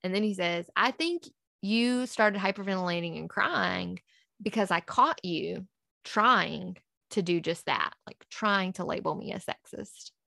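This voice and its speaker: Woman, podcast guest, earnest storyteller, re-enacts dialogue, fry in the voice, dry close sound. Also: medium pitch, measured pace, pushed and bright, no room sound. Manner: re-enacts conversations in quotes, earnest. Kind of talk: candid personal storytelling.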